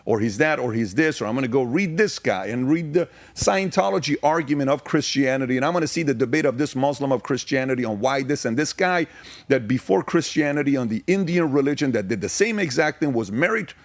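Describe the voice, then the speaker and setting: A middle-aged man tells his life story as a guest on a podcast, emphatic and repetitive in his stress. His voice sits at an ordinary middle pitch. The sound is close and dry, with no room echo. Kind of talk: testimony in a podcast interview.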